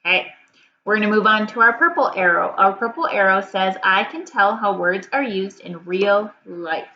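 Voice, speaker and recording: A woman teacher giving a reading lesson to young children, slow and encouraging, repeating each prompt. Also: mid-range voice, lively intonation, highs cut off, a little hiss or hum.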